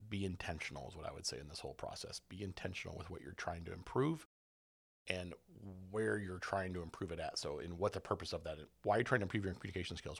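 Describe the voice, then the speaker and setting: A man's voice: deep voice, fast talker, vocal fry, a bit bright, husky, no echo, studio quality. A man co-hosting a business podcast, earnestly explaining how his team improved, repeating his main points. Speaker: podcast co-host, business leader. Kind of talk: casual business chat.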